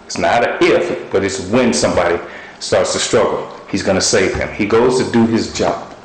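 A man preaching a sermon, telling stories with animated delivery. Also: moderate pace, reverberant, slight background noise, low-quality recording. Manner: storytelling, animated with sudden high shouts.

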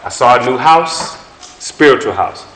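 A man's voice: mid-range voice, expressive, unhurried, a bit bright. A man preaching a sermon, emphatic and conversational, repeating phrases to drive points home. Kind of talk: sermon with prophetic words. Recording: echoey room.

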